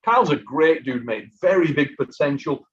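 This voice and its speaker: A husky man hosting a casual live stream, chatty and worn out after going without sleep. He talks easily to viewers and reads out their messages. The audio is muffled and lo-fi. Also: a little high, animated, normal speed. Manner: chatty, reads out super chats. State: exhausted from lack of sleep. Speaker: host of an armwrestling live stream.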